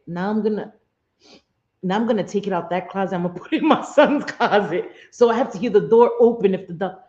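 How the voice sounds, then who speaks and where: A woman's voice: mid-range voice, a little mellow. Middle-aged lady on a home livestream, chatty, laughs a lot, cusses, roomy kinda dull sound. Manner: chatty, laughs often, swears freely, answers viewers directly. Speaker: live streamer. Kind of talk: casual live-stream chat.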